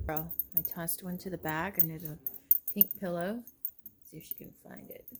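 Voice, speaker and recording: A woman's voice: medium pitch, a little hiss or hum. A woman at home talking to her puppy, giving short commands and coaxing praise. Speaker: dog owner training her puppy. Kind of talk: casual talk to a puppy. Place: home, indoors.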